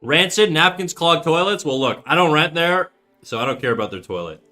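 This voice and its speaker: A man's voice: on the high side, expressive, fairly quick, pushed and bright, soft background music. A man in his thirties hosting a drawing livestream, chatting casually and profanely as he reads chat aloud. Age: 30s. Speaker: art livestreamer.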